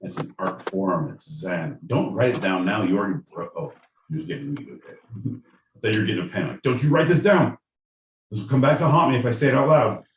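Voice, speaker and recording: A man's voice: fairly low pitch, lively intonation, brisk, slight background noise. Brief: male podcast co-host, wry and casual, distant mic in a roomy space.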